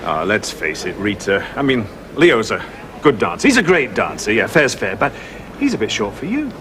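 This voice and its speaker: A man's voice: on the low side, very animated, normal speed, noisy background. An actor playing a cheeky man flirting at a dance, in a 1980s TV drama. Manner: cheeky, smooth-talking.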